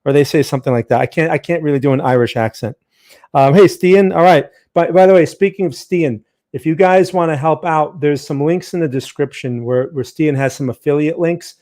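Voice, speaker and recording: Chatty male stream host, slightly high voice. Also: a little fast, dark tone. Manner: chatty, greets viewers by name, frequent fillers and restarts. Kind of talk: casual live-stream talk.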